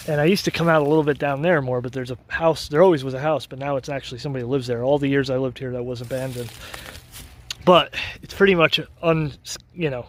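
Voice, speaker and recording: A man's voice: mid-range voice, steady tone, fast. Chatty man muttering in muddy woods. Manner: chatty, self-deprecating, talks to himself. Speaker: vlogger. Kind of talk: casual self-filmed commentary. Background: tractor engine noise.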